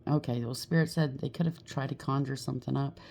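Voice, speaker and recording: A woman's voice: rumbling low, steady tone, quick pace, creaky, warm tone, a little hiss or hum. A woman giving a casual tarot reading, chatty and reassuring, often checking in with "okay?" and "right?". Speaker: tarot reader.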